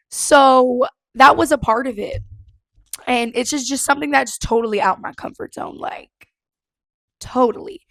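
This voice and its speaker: A young woman talks through her first podcast episode in a loose, chatty way, swearing and laughing as she goes. Her voice sits a little high, and the recording is close and dry with no room sound. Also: a little slow, gravelly, no echo. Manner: chatty, expressive, swears casually, laughs often. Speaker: podcast host. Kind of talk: casual solo podcast chat.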